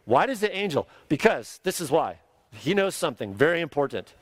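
A man's voice: a little high, big pitch swings, brisk, no room sound, studio quality. A man preaching a sermon, emphatic and repeating key words for stress. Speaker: pastor.

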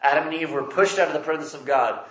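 A man's voice: a little high, fast, fairly bright tone, reverberant. A man preaching a sermon, reading scripture aloud and explaining it with emphatic rises. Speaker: pastor. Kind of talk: expository sermon.

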